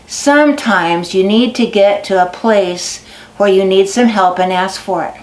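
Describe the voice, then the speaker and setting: A woman telling animal folk tales to children, lively and dramatic, stretching words for effect. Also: mid-range voice, unhurried. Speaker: storyteller. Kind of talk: storytelling to children. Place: basket making barn. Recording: echoey barn recording.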